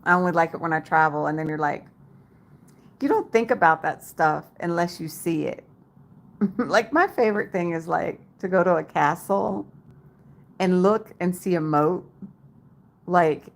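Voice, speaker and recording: A woman's voice: on the low side, creaky. A woman hosting a casual livestream from her home, chatting and laughing with viewers and reading their comments aloud by name. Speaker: livestream host. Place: home in Las Vegas.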